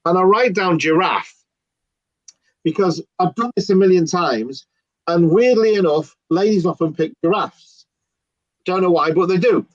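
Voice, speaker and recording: Male magician, lively anecdote teller, muffled dry audio. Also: high voice, measured pace, long pauses, no echo. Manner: animated, acts out dialogue. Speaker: guest magician. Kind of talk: casual storytelling.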